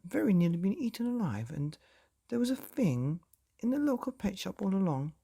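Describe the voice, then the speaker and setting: Male reader voicing a put-upon father in a bedtime storybook, spluttering and indignant, raspy edge. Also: high voice, big pitch swings, normal speed, mellow, pitched above the performer's own voice, heavily acted. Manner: spluttering, exasperated. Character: flustered put-upon father, middle-aged man.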